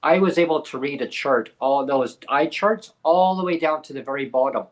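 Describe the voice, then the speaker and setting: A man's voice: on the high side, normal speed. A man co-hosting a podcast, telling a personal story in a rambling way, full of fillers and acted-out dialogue. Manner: rambling, many fillers, acts out quoted dialogue. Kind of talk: casual storytelling in a video podcast.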